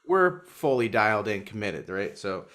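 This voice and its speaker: A young man co-hosting a podcast, telling a story in casual chat, swearing a lot and getting loud and worked up as he quotes himself. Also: fairly low pitch, normal speed. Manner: animated storyteller, swears constantly, gets loud and heated when quoting himself. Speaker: podcast co-host.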